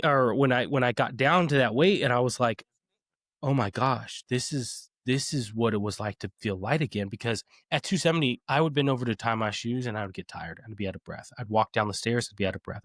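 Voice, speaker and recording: A man's voice: medium pitch, a bit bright, dry recording. Guy around 30 hosting a podcast, mid voice, lots of ums and laughs, dry close sound. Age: 30s. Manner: chatty, laughs often, many fillers and restarts. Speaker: podcast host. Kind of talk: casual podcast conversation.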